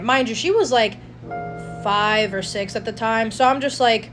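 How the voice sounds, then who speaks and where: Young woman from Appalachia, chatty and profane, higher voice, music behind. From Appalachia, United States. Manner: chatty, swears freely, quick asides. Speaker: storyteller. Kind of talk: casual chat, personal ghost story. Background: background music.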